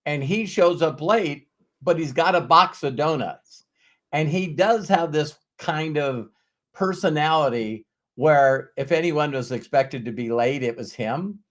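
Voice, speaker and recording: A man's voice: on the high side, slow pace. A middle-aged man hosting a podcast, telling a story in casual conversation and acting out the voices of the people in it. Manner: animated storyteller who acts out quoted voices and swears casually. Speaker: podcast host.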